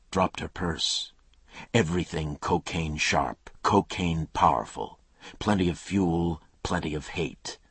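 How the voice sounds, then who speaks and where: A man narrates a crime thriller in clipped, tense phrases. His voice is extremely low and markedly husky, recorded close and dry. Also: fairly bright tone, no room sound. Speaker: audiobook narrator.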